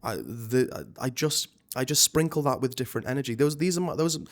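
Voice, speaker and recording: Actor guy chatting in an interview, lively, keeps restarting his sentences, acts out little quotes. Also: medium pitch, brisk. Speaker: stage actor, guest. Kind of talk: casual interview chat.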